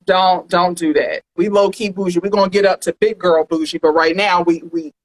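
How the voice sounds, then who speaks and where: A woman's voice: on the low side, brisk, rough recording. Sassy woman podcast host. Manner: sassy, animated, slangy. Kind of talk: casual pop culture chat.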